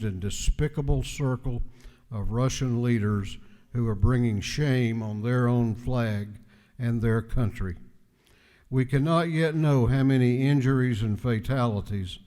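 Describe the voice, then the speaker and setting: A man giving a formal floor speech as a legislator in a legislative chamber, measured and emphatic, repeating points for stress. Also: mid-range voice, darkish tone. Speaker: state legislator presenting a resolution. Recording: long reverb of a large chamber.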